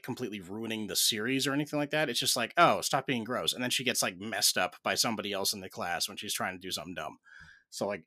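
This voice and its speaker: A man co-hosting a podcast, telling a rambling story in casual chat, full of fillers and quick laughs. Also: on the low side, pushed and bright. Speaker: podcast co-host.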